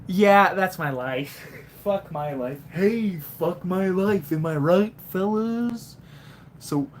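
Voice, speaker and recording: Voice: medium pitch, animated, extremely slow, pauses often, a little hiss or hum. Joking, profane live streamer. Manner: joking, profane, laughs often. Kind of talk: casual live-stream chat with character voices.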